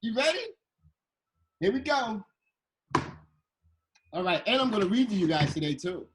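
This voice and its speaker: A man telling a playful, animated story to children, slipping into voices as he goes, on a video call. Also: high-pitched, moderate pace, background noise. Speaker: guest illustrator and storyteller.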